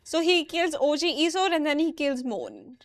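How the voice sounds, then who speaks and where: A woman's voice: high-pitched, very animated, normal speed, no room sound, faint music behind. A young woman hosting an anime reaction, talking casually and with exasperation to her viewers and swearing now and then.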